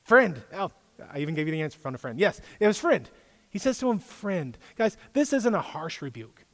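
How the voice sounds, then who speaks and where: Higher-voiced man preaching casually in a hall. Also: big pitch swings, quick pace. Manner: conversational, quizzes the audience. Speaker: youth pastor.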